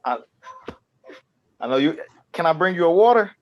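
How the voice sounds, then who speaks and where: A man's voice: a little high, expressive, moderate pace, lo-fi sound. A twenty-year-old man, a defendant at a court hearing, speaking in a subdued, apologetic way.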